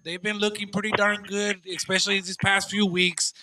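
A tired man guesting on a podcast, chatting excitably and playfully about games. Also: sits high, moderate pace, noisy background. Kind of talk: casual sports picks chat.

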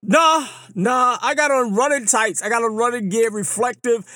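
A man telling stories in a casual monologue, animated and acting out the voices of other people. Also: normal speed, dry recording, clean studio sound. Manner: animated, mimics bystanders with exaggerated pitch jumps. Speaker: runner and storyteller. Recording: clear hip hop music behind the voice.

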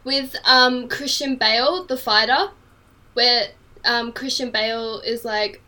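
A young English woman with a bright, clear voice, chatting casually on a podcast. She hedges a lot and often apologises as she talks. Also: fairly high pitch, fairly even intonation, slow. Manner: chatty, hedging, apologetic, many "like"s. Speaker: podcast guest. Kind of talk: casual chat.

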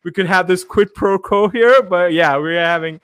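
A man's voice: high-pitched, moderate pace, a bit bright, dry recording. A man from India, hosting a podcast in his home studio in a playful, upbeat way with many fillers. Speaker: podcast host. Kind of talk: casual podcast sign-off.

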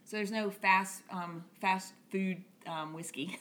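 A woman's voice: medium pitch, steady tone, slow pace, a bit bright. A middle-aged woman co-hosting a casual podcast, playful and easily sidetracked, giggling as she chats. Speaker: podcast co-host, retired firefighter. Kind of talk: casual chat.

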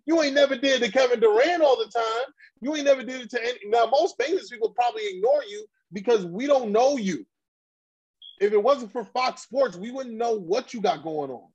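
A man's voice: high-pitched, normal speed, darkish tone, husky, highs cut off. A man hosting a casual podcast chat, ranting bluntly and heatedly in slang with many restarts. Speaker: podcast host.

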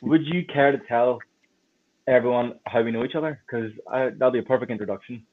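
A man's voice: mid-range voice, fairly quick. A man hosting a podcast in casual chat, friendly and a little teasing. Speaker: podcast host. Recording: tinny phone-like audio.

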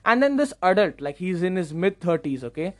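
A young man hosting a podcast, telling a casual story in an animated, self-mocking way and often stumbling over repeated words. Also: sits high, fairly quick. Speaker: podcast host.

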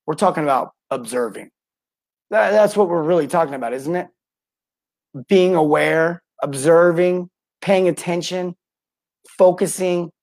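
A middle-aged man hosting a live coaching talk for plumbers, energetic, greeting viewers by name and acting out what customers say. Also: on the high side. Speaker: podcast host and plumbing sales coach.

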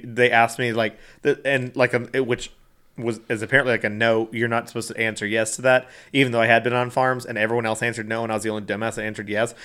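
A man's voice: medium pitch, a bit bright, smooth. A man co-hosting a podcast, telling a travel story in casual chat with wry, joking remarks. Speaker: podcast co-host.

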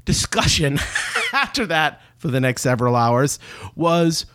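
A man's voice: fairly high pitch, a little slow. A man co-hosting a talk show, telling a story in casual chat, laughing and acting out the people in it. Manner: animated, laughing, acts out quoted people. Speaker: podcast co-host.

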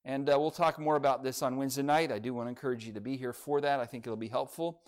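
A man's voice: medium pitch, fairly even intonation, fast. A middle-aged man, a pastor giving a sermon in a church in a conversational, folksy way, telling a humorous family story.

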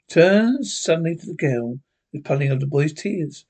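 A man reading a classic horror story aloud in a plain, steady storytelling voice, with occasional slips. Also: medium pitch, moderate pace, slightly rough. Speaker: narrator.

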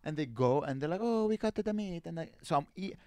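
A man's voice: on the high side, animated, fast, warm tone, no echo. A man co-hosting a comedy podcast, chatting casually and rambling, often trailing off and starting over. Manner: rambling, trails off and restarts, puts on fancy voices in quotes. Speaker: podcast co-host.

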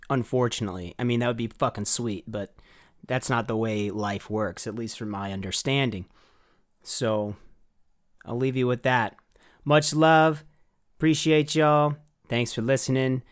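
A man's voice: mid-range voice, lightly acted. Podcast host, male, putting on a hammy Canadian accent for the outro; folksy and chirpy. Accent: put-on Canadian. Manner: folksy, chirpy, swears casually. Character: cheery man with a put-on Canadian accent. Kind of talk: podcast sign-off.

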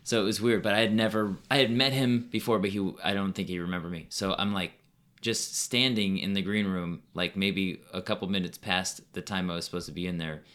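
Comedian guest: man with a deep, bright voice who rambles through stories on a podcast. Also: fairly even intonation, fairly quick. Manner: rambling storyteller, many fillers. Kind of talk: casual podcast chat.

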